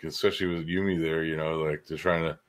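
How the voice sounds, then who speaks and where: A man co-hosting a podcast, chiming in with relaxed, joking asides. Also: extremely low pitch, fast. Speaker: podcast co-host. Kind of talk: casual chat.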